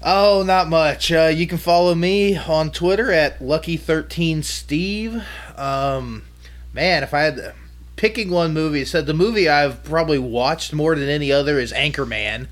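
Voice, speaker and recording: A man's voice: on the high side, a little slow. A man co-hosting a podcast, giving easygoing opinions with small restarts. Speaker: podcast co-host. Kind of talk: casual chat.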